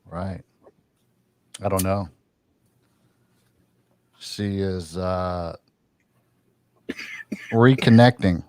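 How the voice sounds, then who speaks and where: A man's voice: sits low, drawn-out words, pauses often, noisy background. A man hosting a casual live-stream talk, often restarting and repeating his words. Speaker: host.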